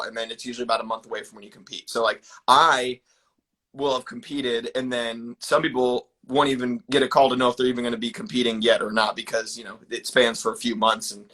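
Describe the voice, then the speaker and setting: Bright-voiced eager young man. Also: mid-range voice. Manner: eager, animated storyteller. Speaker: guest, ninja competitor. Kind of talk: casual storytelling.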